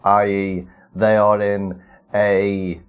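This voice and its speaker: A man's voice: lowish voice, level tone, extremely slow, clean tone. A man co-hosting a podcast, recapping a show in casual chat with a dry, teasing manner. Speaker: podcast co-host.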